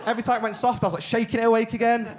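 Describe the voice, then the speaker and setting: A man's voice: extremely high pitch, flat delivery, racing, a little mellow, a faint crowd. A young man doing a stand-up comedy set in a theatre, acting out both sides of conversations. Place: theatre stage with live audience. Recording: live theatre recording with audible background noise.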